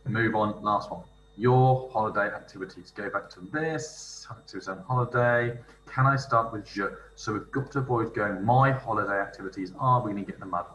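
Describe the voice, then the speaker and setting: A man teaching in a screen-recorded tutorial, thinking aloud as he types and reading French phrases slowly. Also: lowish voice, bright, forceful tone, far from the mic. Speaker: language teacher. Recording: roomy room with faint noise, slightly off-mic.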